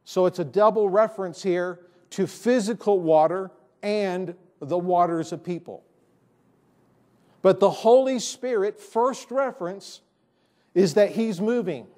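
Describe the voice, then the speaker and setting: A pastor preaches to his church in a high-pitched man's voice. He presses his points hard and repeats his key lines for emphasis. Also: a little slow, darkish tone. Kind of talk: sermon. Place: church sanctuary.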